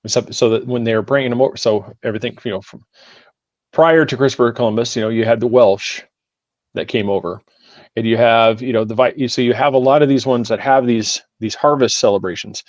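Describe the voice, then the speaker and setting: A middle-aged man co-hosting a podcast, explaining history in halting, rambling stretches. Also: medium pitch, steady tone, dry recording, highs cut off. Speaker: podcast co-host. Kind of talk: casual podcast chat.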